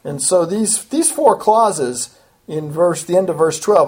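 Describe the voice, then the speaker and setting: An earnest preacher explains a scripture passage verse by verse in an expository teaching style. The voice climbs higher and louder when pressing a point, and phrases often repeat or restart. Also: animated, a little slow. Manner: earnest, emphatic, rises in pitch and volume when stressing a point; talks in repeating, back-and-forth phrases with small restarts.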